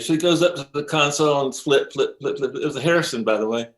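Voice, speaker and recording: Animated older man telling studio stories. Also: mid-range voice, fast talker, few pauses. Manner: animated storyteller, acts out quotes, frequent ums and profanity. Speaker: guest, mix engineer. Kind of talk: casual interview storytelling.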